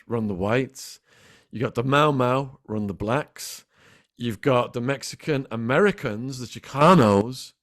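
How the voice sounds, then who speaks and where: A middle-aged man, a podcast guest telling animated stories in a casual interview. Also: mid-range voice, no room sound, clean studio sound. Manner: animated, quick anecdotal storytelling. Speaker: podcast guest, former prisoner.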